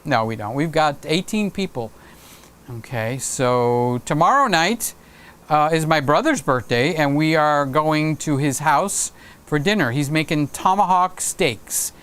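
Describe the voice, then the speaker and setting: A man's voice: fairly high pitch, animated, a little slow, fairly bright tone, clean tone. A man hosting his own livestream, chatting casually and rambling through anecdotes while laughing at his own stories. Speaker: livestream host.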